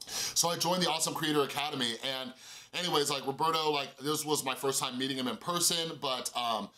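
A man telling a casual storytime vlog, animated and full of fillers, acting out quoted dialogue in a higher voice. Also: brisk, rough recording. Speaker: YouTuber.

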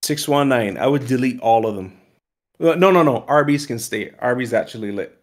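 A man's voice: medium pitch, lively intonation, moderate pace. A man joining a livestream chat, joking and giving blunt opinions. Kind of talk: casual banter.

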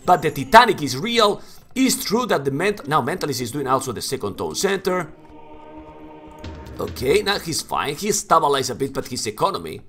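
A male game caster whose first language is Spanish, with a high, bright voice that leaps all over the place. He commentates live in broken English and bursts into shouts whenever a big play happens. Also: normal speed. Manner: excitable, swings into shouts at big plays; non-native English with broken grammar.

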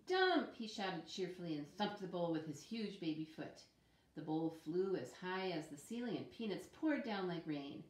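A woman reading a children's picture book aloud in a calm, expressive way. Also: on the low side, normal speed, a little hiss or hum. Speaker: storyteller. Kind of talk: children's story read-aloud. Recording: roomy echo.

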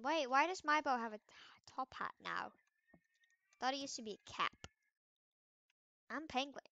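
A woman's voice: sits high, moderate pace, long pauses, sharp tone, dry recording, highs cut off. A young woman chatting playfully while playing an online game, exclaiming often as she narrates what happens. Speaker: gamer. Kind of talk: casual gameplay commentary.

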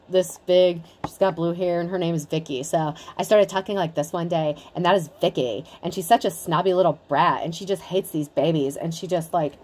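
A woman in her thirties reads tarot in a loose, chatty way. She is blunt and swears freely. Her voice sits low with a warm, mellow tone. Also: a little hiss or hum. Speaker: tarot reader. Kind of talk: casual tarot reading.

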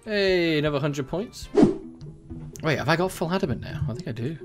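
A young man hosting a gaming video, chatting casually with friends, excitable, swearing and laughing often. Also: fairly high pitch, a little fast. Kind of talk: casual gameplay chat with friends. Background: game music.

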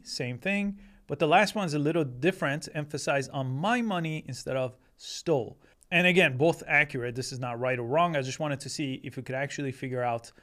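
Man casually walking through results. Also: on the high side. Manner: conversational, reads results aloud while thinking. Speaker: tech reviewer. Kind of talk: screen-recorded product comparison.

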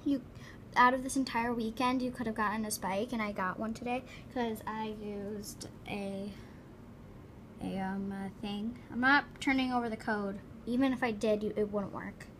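A woman's voice: on the high side, steady tone, moderate pace, slight background noise. A woman giving casual game commentary, chatty and giggly, full of dramatic exclamations. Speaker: gameplay commentator.

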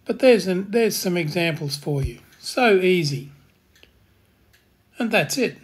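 Man tutorial host, slightly raised pitch, husky, calm step-by-step delivery. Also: takes it slowly. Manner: calm, plain instructional delivery.

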